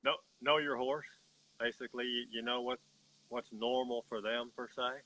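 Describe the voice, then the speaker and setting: A man's voice: mid-range voice, fairly even intonation, normal speed, sharp tone, no room sound, poor audio. A man, a horse breeder, telling a story in an emphatic, folksy way during an interview.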